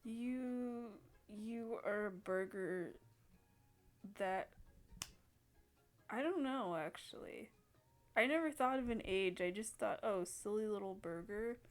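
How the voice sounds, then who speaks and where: A woman's voice: medium pitch, slow pace, pauses often, soft background music. A woman giving casual gameplay commentary, thinking aloud and hesitating as she sets up a character. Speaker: gaming video creator.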